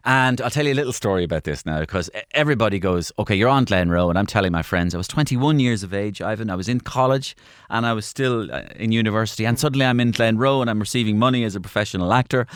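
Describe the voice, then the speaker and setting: Man in his forties, low voice, lively anecdotes, radio studio guest, dry close sound. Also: fast talker, few pauses, clear, resonant tone, no room sound. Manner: animated storyteller, repeats phrases. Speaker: guest comedian. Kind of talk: radio interview storytelling.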